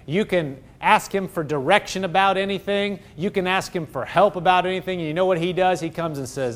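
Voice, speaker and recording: A man preaching a sermon, swinging from loud, excited exclaiming to low, hushed tones. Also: brisk, few pauses, a little hiss or hum.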